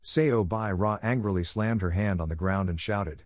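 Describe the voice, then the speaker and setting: A man with a fairly low voice narrates a comic story recap at a steady, moderate pace. The recording is dry and close, with no echo or room sound.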